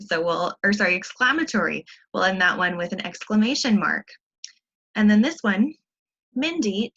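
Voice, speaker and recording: A woman's voice: mid-range voice, fairly bright tone, muffled recording. A woman teacher giving a recorded online grammar lesson, explaining patiently step by step with frequent ums.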